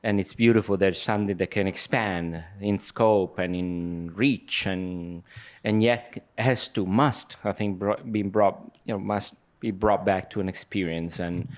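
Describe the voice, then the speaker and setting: A man film director on a festival panel, searching for words and restarting his sentences often. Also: deep voice.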